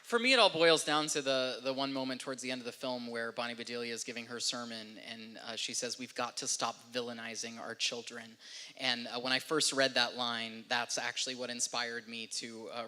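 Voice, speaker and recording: A man's voice: mid-range voice, pushed and bright, in a large hall. A man on a festival panel stage, speaking earnestly about writing a song for the film. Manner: earnest, heartfelt. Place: theater stage.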